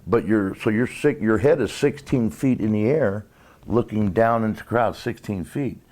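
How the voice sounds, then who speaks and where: Man, low voice, halting storyteller guest recalling ring days; chatty, restart-heavy delivery. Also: darkish tone. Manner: rambling, halting, many restarts. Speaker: interview guest, former wrestler. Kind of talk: casual storytelling interview.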